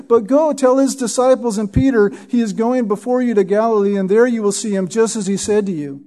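Verse by verse, a pastor teaches through an expository sermon in a high, mellow voice. Repeating words for emphasis is a habit, as is stopping to ask "Right?"

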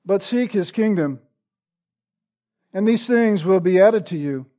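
A man with a noticeably high-pitched voice delivers an expository sermon as pastor. He speaks slowly and earnestly, leaning on repetition for emphasis. He keeps tagging his points with a rhetorical "right?". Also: expressive, warm tone. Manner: earnest, rhetorical, frequent "right?" tag questions; slow and deliberate with emphatic repetition.

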